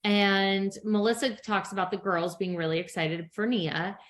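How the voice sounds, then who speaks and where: A middle-aged woman co-hosts a podcast, casually chatting as she recaps a reality show. Her mid-range voice is steady and measured in pace, and she's a chatty storyteller who acts out quotes and laughs often.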